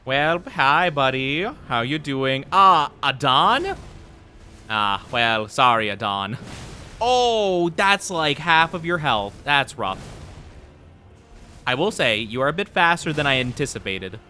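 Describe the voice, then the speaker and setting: A man's voice: mid-range voice, sing-song, measured pace, sharp tone, faint music behind. A man streaming a video game, chatting playfully with his viewers in a casual commentary style and laughing often. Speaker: VTuber streamer. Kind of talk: casual gaming commentary to chat.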